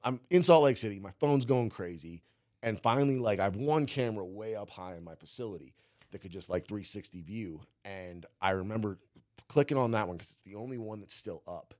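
Brisk and animated, a man with a lowish, darkish voice rambles through a story during an interview, saying "like" constantly and cursing now and then. He's a former cannabis grower, and the sound is dry and studio clean.

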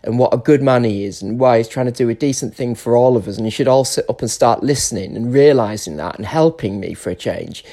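A man's voice: mid-range voice, a little fast, hardly any pauses, dark tone. A British man in his forties, tearful and emotional, ranting in an unscripted solo podcast monologue and swearing often. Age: 40s. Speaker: podcast host.

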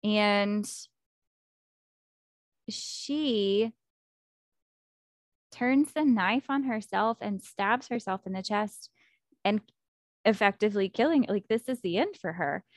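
Woman, casual book chat, animated storytelling, dry close mic. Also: mid-range voice, slow pace, long pauses, no echo. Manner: animated, acts out character quotes, fillers like 'like' and 'um'.

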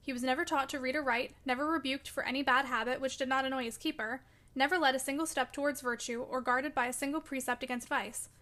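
A woman narrating a classic novel in a measured, expressive way. Her voice is high and bright, with a crisp, forward ring. She reads long sentences clearly and evenly. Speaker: audiobook reader.

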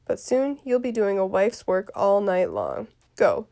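A woman reading the part of a fussy, complaining old nursemaid aloud from a play, grumbling in a quiet voice. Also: medium pitch, huge pitch swings, a little slow, gravelly, exaggerated voice.

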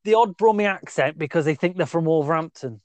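A man's voice: fairly high pitch, fast talker, no room sound. A man co-hosting a podcast, bantering casually, laughing and swearing as he tells stories. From English West Midlands. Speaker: podcast co-host.

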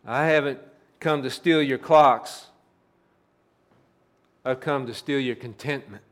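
A man voicing a tall, impish thief in a sermon story, speaking in a hushed, insinuating murmur. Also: mid-range voice, takes it slowly. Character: sly whispering male thief, tall and impish.

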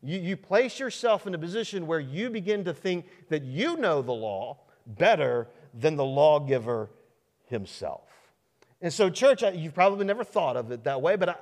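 A Midwestern American pastor preaches to his congregation in a fairly high voice. His pitch swings widely as he works through restarts and rhetorical questions. The sound carries the long echo of a large church sanctuary. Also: sing-song, moderate pace, a little mellow. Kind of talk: sermon.

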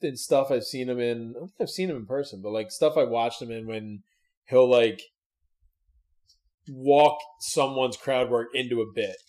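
Jokey, quick-witted podcast host, a man. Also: medium pitch, a little mellow. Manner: quick-witted, jokey, swears, laughs easily. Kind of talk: casual chat.

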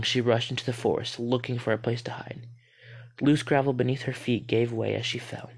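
Male horror-story narrator, steady delivery, occasional slips. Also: mid-range voice, creaky. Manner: steady, with small stumbles and self-corrections.

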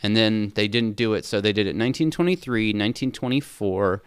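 Brief: male co-host, smooth clear voice, dry close sound, lively storyteller. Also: on the low side, a little fast, dry recording. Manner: animated storytelling, playful asides. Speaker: podcast co-host. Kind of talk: casual recap chat.

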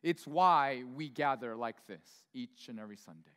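A man preaching a sermon in a church, in a chatty, informal way full of asides and quick questions to the congregation. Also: medium pitch, animated, bright, forceful tone, clean tone. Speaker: pastor. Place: church sanctuary. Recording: long hall reverb in a church.

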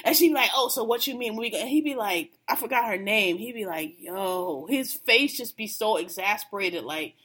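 A woman's voice: mid-range voice, expressive, moderate pace, few pauses, a bit bright, slightly rough. A woman co-hosting a casual podcast, gossiping bluntly about reality TV with lots of slang and laughter. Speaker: podcast co-host.

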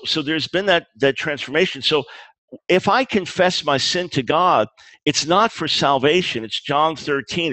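A man's voice: medium pitch, a bit bright, dry recording. A man being interviewed about his book, explaining his views earnestly, often restarting phrases and acting out quoted dialogue. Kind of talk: conversational interview.

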